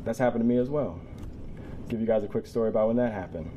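A man's voice: fairly low pitch, quick pace, dark tone, slight background noise. A man in his forties giving a personal talk to a live audience. He is emotional, tears up, and laughs between lines. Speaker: public speaker. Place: room with an audience.

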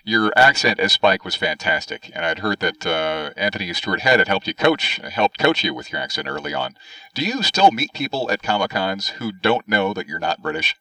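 A man interviewing an actor, asking his questions quickly. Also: lowish voice, wildly swooping pitch, sharp tone, no echo, distant mic, poor audio.

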